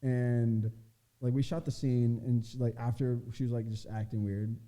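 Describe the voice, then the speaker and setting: A man's voice: mid-range voice, flat delivery, normal speed, dark tone. A young man telling a story as a guest on a casual chat show, in a loose, laid-back way, full of fillers and swearing. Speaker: podcast guest, adult film performer.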